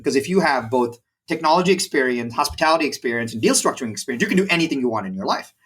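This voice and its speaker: A man in his forties from India, a podcast guest telling stories in an animated conversational way, with frequent fillers and restarts. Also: medium pitch, very fast, hardly any pauses, slightly rough. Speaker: podcast guest, brokerage president. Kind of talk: conversational storytelling.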